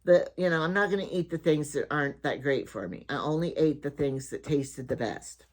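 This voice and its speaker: A woman's voice: low-pitched, lively intonation, moderate pace, a little mellow. An older woman hosting her own home talk show, chatting in a rambling way and often restarting her sentences. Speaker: vlogger host.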